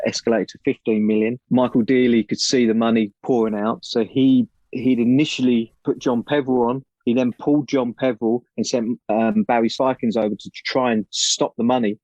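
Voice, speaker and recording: A man, an author being interviewed, telling lively behind-the-scenes anecdotes and often restarting his sentences. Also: medium pitch, no room sound, dull audio. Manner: storytelling, lively, with frequent restarts. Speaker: author and guest.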